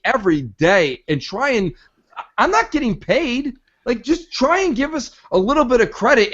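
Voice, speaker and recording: A man's voice: sits high, a bit bright. A man co-hosting a podcast, ranting emphatically and swearing as he argues his point. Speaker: podcast co-host. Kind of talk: casual podcast rant. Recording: dull lo-fi audio.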